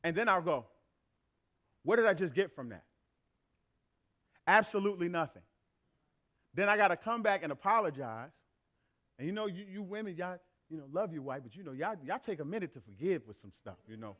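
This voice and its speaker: A man's voice: high-pitched, lively intonation, brisk, sharp tone. A man in his thirties preaching a sermon, blunt and playful, talking straight to the congregation.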